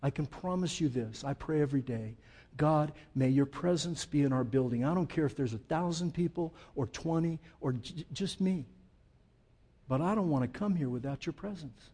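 A man preaching a sermon in a church sanctuary, his voice warm and mellow and pitched a little high. He moves between quiet, slowed reflection and soaring, forceful declarations. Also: breathy edge. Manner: impassioned, swinging from hushed to loud emphatic preaching. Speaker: pastor.

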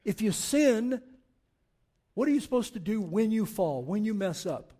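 Guy pastor preaching, kinda high voice, animated, reads verses then pushes hard. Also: measured pace. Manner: animated preaching, reading scripture aloud, rising to forceful exhortation. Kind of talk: sermon.

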